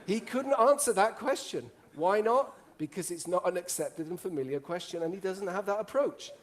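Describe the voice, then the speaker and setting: A middle-aged man with a rather high-pitched voice tells lively stories to a room full of listeners. He jokes and quizzes the audience as he goes, in an animated, playful manner. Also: moderate pace. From Italy. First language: Italian. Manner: animated and joking, asks the audience questions. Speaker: speaker. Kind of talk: storytelling talk to a live audience.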